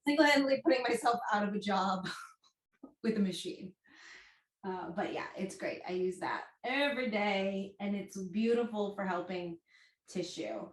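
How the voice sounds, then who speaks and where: A woman teaches a casual class in a relaxed, chatty way, joking as she goes and dropping plenty of ums. Her voice sits in a middling pitch range. The sound has a noticeable roomy echo around it. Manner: chatty and jokey, with frequent ums. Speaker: movement and bodywork instructor.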